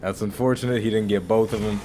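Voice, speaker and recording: Low-voiced guy doing let's-play commentary, chatty, rambly, keeps restarting his sentences. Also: fairly even intonation, fast, mellow, slight background noise. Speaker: gaming channel host.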